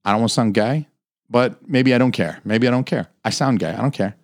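A man's voice: medium pitch, fairly quick, dry recording. A man hosting a podcast alone, ranting crudely and rambling from topic to topic, full of swearing, from a home studio mic. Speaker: podcast host. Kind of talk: solo podcast rant.

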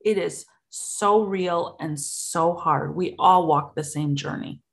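A woman's voice: fairly low pitch, takes it slowly, creaky. A woman in her thirties, a guest and widowed mother, telling her story earnestly in an interview. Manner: earnest, animated when recounting.

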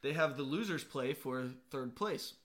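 A man's voice: mid-range voice, animated, unhurried, fairly bright tone, slight background noise. A young man co-hosting a sports podcast, chatting enthusiastically and laughing often. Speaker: podcast co-host. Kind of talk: casual sports chat.

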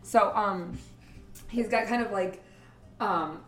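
A woman's voice: medium pitch, fairly bright tone. Rambling woman game master. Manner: rambling, laughing, halting with fillers. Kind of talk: narrating a tabletop game.

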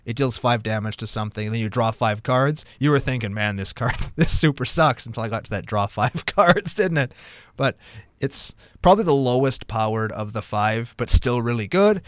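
A mid-pitched man chatting on a podcast about card games. He reads rules aloud and reacts with loud, cheerful profanity. The recording is close and dry. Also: animated, moderate pace, no echo. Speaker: podcast co-host. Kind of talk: casual card game chat.

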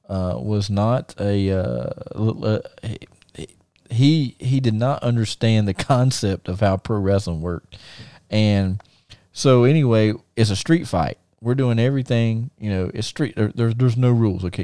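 Mellow-voiced man telling wrestling road stories. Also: fairly low pitch, normal speed, no room sound, clean studio sound. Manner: rambling, laughs often, many restarts. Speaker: podcast host and wrestler. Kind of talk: casual storytelling chat.

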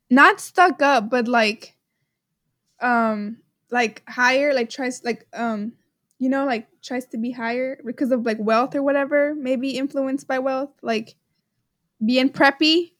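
A woman's voice: sits high, a bit bright, dry recording, studio quality. A young woman co-hosting a podcast in casual chat, rambling and giggly, with lots of "like". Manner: giggly, rambling, heavy use of "like". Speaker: podcast co-host.

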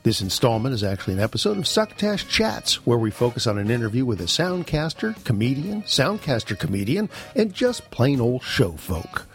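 A man's voice: mid-range voice, sing-song, moderate pace, hardly any pauses, soft background music. A man hosting a comedy podcast, talking in a folksy, chatty and self-mocking way. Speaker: podcast host. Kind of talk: casual podcast talk.

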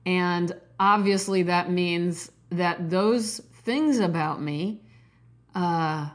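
A woman in her forties from Nebraska hosting her own podcast, talking loudly and excitedly, jumping between topics with cussing and self-mocking jokes. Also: lowish voice, very slow. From Nebraska, USA. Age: 40s. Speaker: podcast host. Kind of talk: casual solo podcast monologue.

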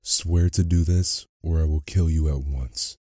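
A man's voice: very deep voice, fairly even intonation, a little slow, dark tone, dry recording, clean studio sound. A man voicing a huge, ugly, furious beast who growls and spits out his words in a bedtime story reading. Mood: commanding.

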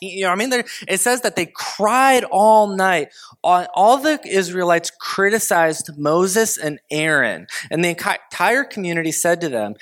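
A man's voice: sits high, fairly bright tone. A man preaching a casual sermon, talking conversationally and acting out quoted people with big swings in voice. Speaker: pastor.

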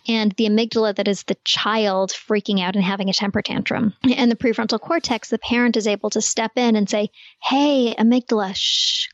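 A woman's voice: medium pitch, dry recording, lo-fi sound. Woman explaining meditation science, dry sound. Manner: clear, steady explaining with frequent "you know". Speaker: guest expert on meditation. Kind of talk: explanatory podcast interview.

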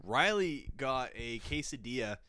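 A man co-hosting a podcast, telling stories in a lively, casual way with plenty of swearing. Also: mid-range voice, measured pace, no room sound, studio quality. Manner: lively, profane storytelling. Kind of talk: casual chat.

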